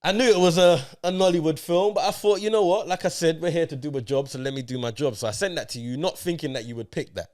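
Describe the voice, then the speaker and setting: A man's voice: on the high side, fast, few pauses, darkish tone. Laid-back English man hosting a podcast. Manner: laid-back, slang-heavy, easygoing. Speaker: podcast host. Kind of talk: casual film review chat.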